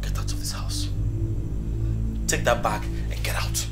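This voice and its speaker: A man acting in a film as a broke man who shouts and scolds, his voice rising and falling. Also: fairly low pitch, huge pitch swings, measured pace, whispered. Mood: angry. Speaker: deceived partner, broke son. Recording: echoey room with background music.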